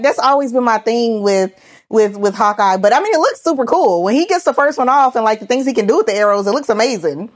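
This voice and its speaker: A woman guest on a casual movie podcast, with a voice a little higher than usual. She talks animatedly, filling her speech with "like" and quick laughs.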